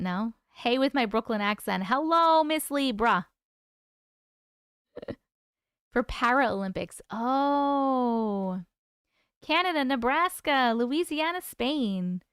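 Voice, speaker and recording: A woman's voice: on the high side, clear, resonant tone, no room sound, clean studio sound. A woman hosting a casual livestream, reading out viewer comments and greeting people by name in a chatty, affectionate way. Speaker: livestream host.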